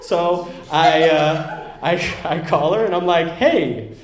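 Young guy telling an awkward personal story, kinda high voice, echoey room. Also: little pitch movement, takes it slowly. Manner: candid, self-deprecating, acts out quotes.

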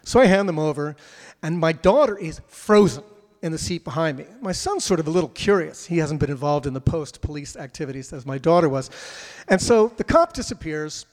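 A man's voice: on the high side, fairly quick, big-room sound. A middle-aged man telling a family story casually, acting out the voices of his kids and the police. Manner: animated, acts out voices of kids and troopers.

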